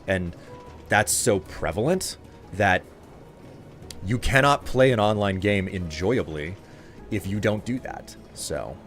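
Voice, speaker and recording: A man's voice: lowish voice, takes it slowly, pauses often, a bit bright, soft background music. A man streaming a game live, chatting with viewers in a loose, rambling way full of fillers and restarts. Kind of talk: casual chat while streaming a game.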